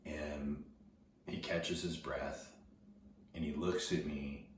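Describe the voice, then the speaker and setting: A middle-aged man telling a personal story in a halting way, often repeating words as he recalls events. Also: a bass voice, fairly even intonation. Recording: very echoey room, distant mic, noticeable background noise.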